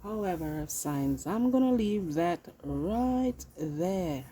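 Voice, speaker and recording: Slow, low-voiced British woman reading tarot. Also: expressive, mellow, a little hiss or hum. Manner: chatty and loose, swears, talks to herself while handling cards. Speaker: tarot reader. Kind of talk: casual collective tarot reading.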